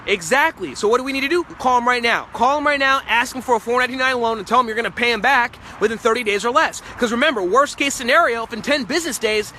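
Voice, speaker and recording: Fast, forceful high-voiced man. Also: slight background noise. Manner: fast, forceful and emphatic, acts out client voices. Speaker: sales trainer. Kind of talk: motivational sales talk.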